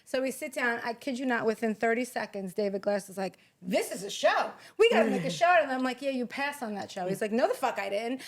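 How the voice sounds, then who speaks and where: A woman in casual chat, telling a story briskly, quoting what others said and swearing casually. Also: fairly high pitch. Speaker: podcast guest.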